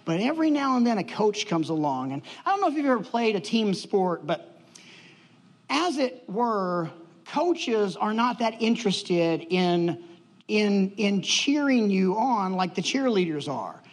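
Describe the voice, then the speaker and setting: A man telling a personal story in a sermon, animated and acting out what people said. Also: high-pitched, a little slow. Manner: animated storytelling, acts out quotes. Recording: long hall reverb.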